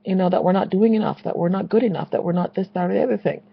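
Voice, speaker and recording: Brief: woman, husky voice, earnest preachy rant on faith, dry dull lo-fi home recording. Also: medium pitch, rapid-fire. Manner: earnest, preachy, repeats phrases for emphasis. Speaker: Christian video blogger. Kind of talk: impassioned religious rant to camera.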